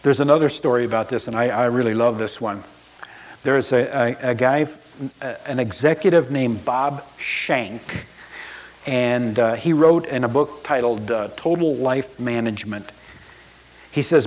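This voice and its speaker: A man's voice: mid-range voice, measured pace, rough recording. A man preaching a sermon as a pastor, telling stories and acting out quoted voices with emphasis.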